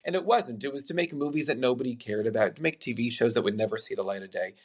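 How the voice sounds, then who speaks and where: A man hosting an interview, telling a personal story in a candid, animated way. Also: medium pitch, fast talker. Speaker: podcast host. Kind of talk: casual interview conversation.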